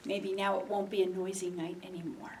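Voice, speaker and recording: A woman's voice: medium pitch, far from the mic, background noise. A woman librarian giving a storytime reading for children, sing-song and stopping to ask the little listeners questions. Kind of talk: storytime read-aloud for children.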